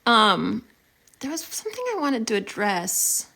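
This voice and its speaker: Bright, lively young woman chatting on stream. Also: fairly high pitch, a little slow, creaky. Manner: chatty and upbeat, thanking viewers with many fillers. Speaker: livestream host. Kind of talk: casual livestream chat with viewers. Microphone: phone.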